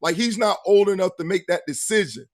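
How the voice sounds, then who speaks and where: A male talk show host telling stories and asking questions in a lively, slangy way. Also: high voice, brisk. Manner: animated storyteller, slangy. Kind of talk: casual sports talk show hosting.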